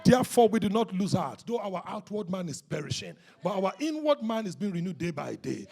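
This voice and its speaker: Man preaching, very high voice, husky tone, shouts and call-and-response at a church service. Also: very animated, fairly quick, hardly any pauses. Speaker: pastor. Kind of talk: sermon.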